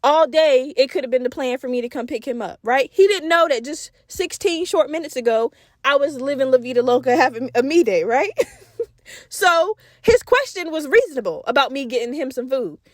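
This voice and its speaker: Woman podcast host, young, high-pitched, dry booth sound; brash, profane storyteller who addresses the audience. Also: normal speed, dry recording. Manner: profane, animated, talks straight to listeners. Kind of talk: casual storytelling. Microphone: podcast mic.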